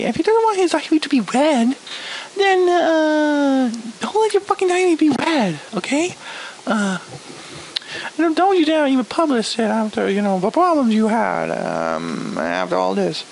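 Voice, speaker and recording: A man's voice: very high-pitched, creaky, a little hiss or hum, rough recording. A man ranting through a video review of a cartoon episode, sarcastic, exasperated and swearing often.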